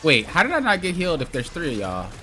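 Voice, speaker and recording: A man's voice: fairly high pitch, wildly swooping pitch, fast talker, sharp tone. A young man giving live gameplay commentary, teasing and complaining in mock exasperation at his teammates. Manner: exasperated, playful trash talk to teammates. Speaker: streamer playing a hero shooter.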